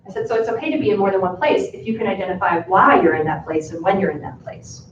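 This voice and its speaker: A woman teacher giving a talk to fellow educators, telling classroom stories in a lively way and acting out the dialogue. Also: medium pitch, fast talker, distant mic, slight background noise. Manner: lively storytelling that acts out dialogue. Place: school presentation room. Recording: echoey room, voice from afar, muffled sound.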